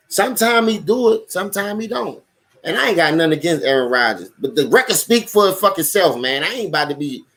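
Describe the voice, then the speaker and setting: A young man with a New Orleans accent hosts a loose football live stream, cursing freely and getting worked up. His voice sits a little higher than most men's. He talks straight to his viewers in a casual, animated rant. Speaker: sports commentary host.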